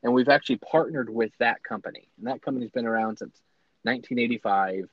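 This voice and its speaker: A man, a small business owner, telling his story in casual, animated talk with lots of fillers and restarts. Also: medium pitch, fast talker, no room sound. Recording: dry, slightly dull lo-fi sound.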